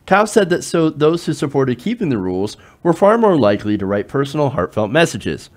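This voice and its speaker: A man's voice: mid-range voice, sing-song, fairly quick, darkish tone. A man hosting political commentary, arguing with rhetorical questions and sarcastic asides. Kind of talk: direct-to-camera political commentary.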